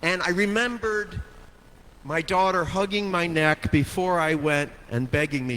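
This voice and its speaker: A man's voice: sits high, unhurried. Man preaching in a reverberant church. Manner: dramatic storytelling, swings from hushed to soaring and loud. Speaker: pastor. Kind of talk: sermon storytelling. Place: church sanctuary. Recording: long hall reverb, faint noise.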